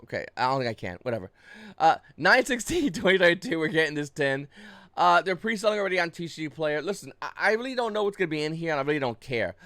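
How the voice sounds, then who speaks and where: A young man talks markets to camera at a rapid clip, his voice high and lively. He is blunt and swears freely, tipping into agitated rants. The sound is dry and close. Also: no room sound. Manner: blunt, profane, gets agitated and loud. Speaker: YouTube card game market commentator. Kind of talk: casual ranting commentary.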